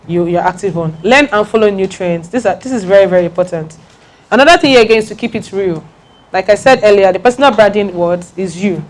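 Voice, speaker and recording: A woman giving a lively branding talk to an audience, repeating her key points with emphasis. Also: mid-range voice.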